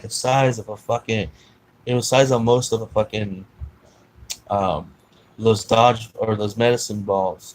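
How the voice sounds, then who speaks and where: A man's voice: lowish voice, low-quality recording. A man telling a personal story in a rambling, profane way, full of fillers and restarts. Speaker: vlogger telling his life story.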